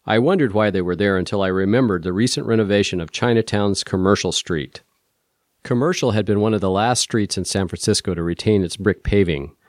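A man narrating a first-person audiobook in a steady, measured storytelling voice. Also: deep voice, no echo, clean studio sound.

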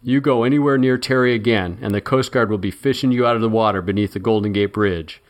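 A man's voice: on the low side, fast talker, lightly acted. A man voicing a menacing male thug who taunts his captive. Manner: taunting, sneering.

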